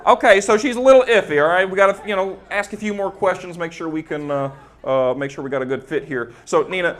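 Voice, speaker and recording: Speaking fast in a high register, a young man does stand-up at a club with a handheld mic. His set is chatty and crowd-focused, peppered with "right?"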